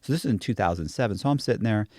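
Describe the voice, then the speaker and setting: A man's voice: lowish voice, expressive, very fast, a little mellow, dry recording, clean studio sound. Blunt, slangy man telling his story. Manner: blunt, slangy, self-deprecating, many restarts. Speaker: interview guest. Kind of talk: casual storytelling chat.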